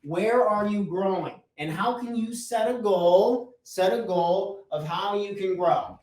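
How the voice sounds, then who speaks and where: Male business coach, bright higher voice, casual motivational delivery with mild swearing, recorded from a distance. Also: takes it slowly. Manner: repeats key points for emphasis. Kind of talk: motivational talk to camera. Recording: echoey room, mic at a distance.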